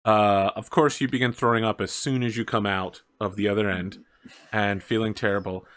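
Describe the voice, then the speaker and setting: A man acting as game master for a tabletop game narrates the scene in a relaxed way, sprinkling in fillers and quick asides. His voice is lowish.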